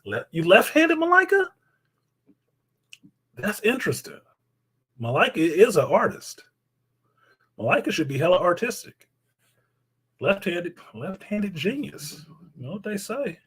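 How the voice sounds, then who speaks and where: A man's voice: high voice, wildly swooping pitch, measured pace, long pauses, a bit bright, husky, poor audio. A man hosting a live stream, chatting loosely with viewers, joking, swearing and reading out their messages. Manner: swears freely, slangy. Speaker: livestream host.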